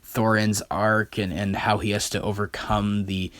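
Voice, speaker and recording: A man's voice: on the low side, flat delivery, unhurried, fairly bright tone, no room sound. A young man reviewing a film in a casual, enthusiastic way, rambling with many fillers and restarts.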